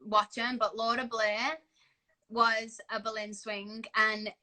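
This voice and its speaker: A woman chats as a guest on a livestream video call. Her voice is bright and forceful and sits a little high. She tells her stories in a playful, giggly way. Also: little pitch movement, slow pace, poor audio. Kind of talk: casual livestream chat. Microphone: video call on a phone livestream.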